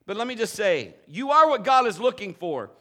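A man pastor preaching a lively live sermon, urging his congregation to join in. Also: high voice, moderate pace. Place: church sanctuary with a congregation.

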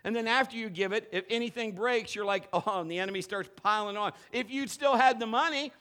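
A middle-aged man preaches to his congregation in a fairly high voice. He tells stories animatedly, jumping from loud exclamations to quiet asides. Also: a little fast. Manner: animated storytelling, swinging between loud bursts and low asides. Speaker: pastor. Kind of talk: sermon. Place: church service.

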